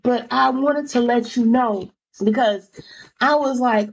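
A woman preaching a fervent sermon in a high, breathy voice. She exclaims and circles back to repeat lines for emphasis. Her tone is husky, with plenty of lift. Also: takes it slowly, muffled recording.

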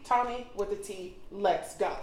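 A woman co-hosting a casual group podcast, brash, profane and bossy, laughing loudly. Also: mid-range voice, measured pace, roomy sound, very noisy. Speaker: podcast co-host.

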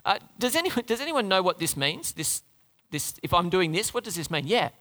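A man's voice: sits high, sing-song, a little fast, sharp tone, long reverb tail. A man preaching a sermon as pastor, talking conversationally and putting questions to the congregation.

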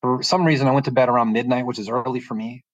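Calm, halting middle-aged man. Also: mid-range voice, no room sound, highs cut off. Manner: halting and emotional, frequent restarts; calm, soft-spoken. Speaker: podcast guest sharing testimony. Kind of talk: personal testimony, casual storytelling.

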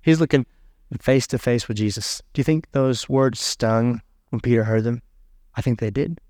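A man's voice: medium pitch, normal speed, darkish tone, no room sound, studio quality. A man preaching a sermon, earnest and casual, often repeating words as he builds a point. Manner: casual slang mixed into preaching.

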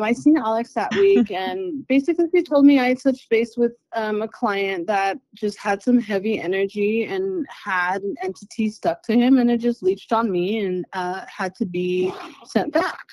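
A woman in a podcast interview tells a personal story in a candid, lively way, not shy about swearing. Her voice is warm and mellow. The recording is dry and close. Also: fairly high pitch, normal speed, no room sound, low-quality recording. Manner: animated, candid, swears freely. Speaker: interview guest, spiritual healer.

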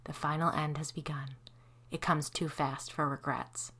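A woman's voice: sits low, little pitch movement, a bit bright, husky, exaggerated voice. A woman voicing a possessed woman who turns cold, bitter and ominous. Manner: bitter, then slow doom-laden pronouncements.

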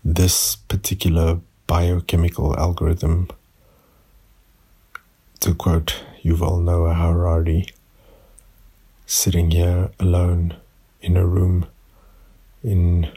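A man from South Africa recording a rambling late-night voice note for his podcast, speaking softly after drinking wine. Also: sits low, monotone, slow pace, pauses often, husky. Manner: soft-spoken, rambling. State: tipsy from wine. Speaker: podcast host. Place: room at home.

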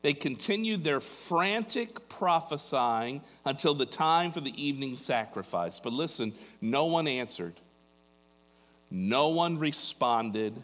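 A man's voice: medium pitch, expressive, takes it slowly, fairly bright tone. A man preaching a sermon, telling a Bible story dramatically and building to emphatic peaks. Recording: long hall reverb.

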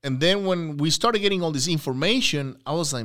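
A man co-hosting a casual podcast, an animated storyteller who breaks off for quick asides and shout-outs. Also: on the high side. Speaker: podcast co-host, real estate investor.

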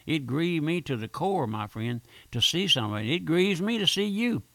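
A man's voice: fairly high pitch, big pitch swings, normal speed, a bit bright, dry recording. An older man preaching a fervent radio sermon, repeating himself and calling listeners "my friend".

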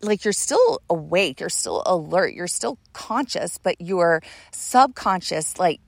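A woman's voice: on the low side, very animated, takes it slowly, vocal fry, no room sound. A woman podcast host telling a personal story in a casual, earnest, rambling way, leaning on filler words.

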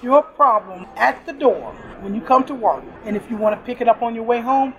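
A woman's voice: on the high side, fairly quick, lo-fi sound. A middle-aged woman who works at an airport store, talking in a casual, upbeat interview and laughing often. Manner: warm, upbeat, laughs often, preachy asides. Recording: crowded airport background. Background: crowd chatter.

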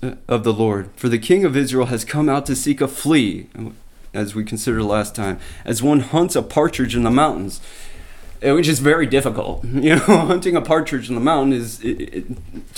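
A man teaching a Bible study, retelling scripture stories in plain everyday words with restarts and asides. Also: mid-range voice.

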